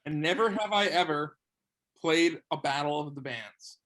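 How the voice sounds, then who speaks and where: A man co-hosting a band interview, reading out game questions in a relaxed, casual way. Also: fairly high pitch, normal speed, a crowd in the background, rough recording. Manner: relaxed, reads questions aloud. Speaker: co-host running a drinking game round.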